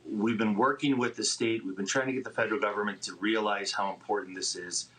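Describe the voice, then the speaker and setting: Earnest, measured male official, low-pitched but bright and forceful. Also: fairly even intonation, poor audio. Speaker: county official. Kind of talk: public statement.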